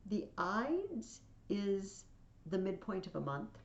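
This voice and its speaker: A woman's voice: medium pitch, sing-song, slow pace, roomy sound, dull audio. A woman teacher casually explaining a play to a class, with chatty asides, reading scenes aloud.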